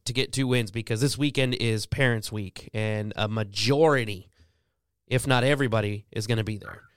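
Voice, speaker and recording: A young man co-hosting a sports podcast, quick and joking in casual chat. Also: fairly low pitch, fairly even intonation, clear, resonant tone, dry recording, clean studio sound. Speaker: podcast co-host.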